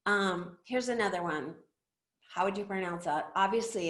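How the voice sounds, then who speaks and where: A woman's voice: mid-range voice, lively intonation, slow. A middle-aged woman giving a chatty webinar presentation, quizzing the audience with questions as she goes. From United States. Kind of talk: presentation talk. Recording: echoey room.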